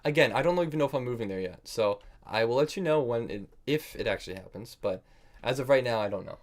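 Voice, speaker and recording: A man's voice: medium pitch, lively intonation, fast. Self-critical male chess streamer thinking aloud. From United States. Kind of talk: casual live-stream commentary while playing.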